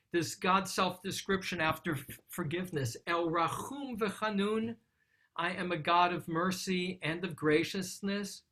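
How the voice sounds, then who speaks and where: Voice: medium pitch, fairly bright tone. A rabbi giving a Psalm study talk, reciting Hebrew verses and then translating them in a thoughtful, explaining way.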